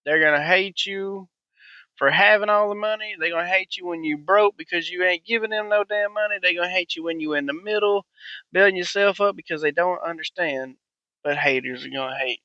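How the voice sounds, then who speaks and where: Male podcast host in his thirties, profane rant, bright dry voice, dull lo-fi sound. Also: sits high, fairly quick, dry recording. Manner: profane, blunt, rambling. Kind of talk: ranting monologue.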